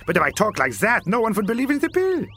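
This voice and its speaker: Brief: pompous comedy professor, bright lively voice , played by a man. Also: high-pitched, quick pace, gravelly, soft background music, exaggerated voice. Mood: boastful. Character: pompous male professor, smooth inventor. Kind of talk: comedy sketch acting.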